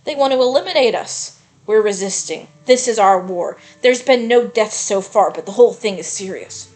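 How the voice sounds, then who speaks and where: A woman's voice: medium pitch, lively intonation, moderate pace, a little mellow, faint music behind, lightly acted. A woman reading aloud the lines of an angry, vengeful male gang member from a video game, cursing in a heated way. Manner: reads game dialogue aloud plainly, heated curses.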